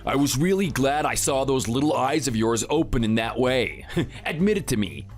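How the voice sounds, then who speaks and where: With faint music in the background, a man voices a boastful, muscle-bound bully taunting his neighbor in a synthetic texting-story read. He sneers at a normal speed, his medium-pitched voice sing-song.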